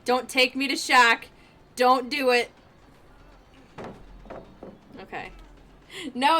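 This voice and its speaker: A woman streamer commenting live on her gameplay in an excitable, playful way, laughing often and trash-talking the other players. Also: a little high, moderate pace, a little hiss or hum.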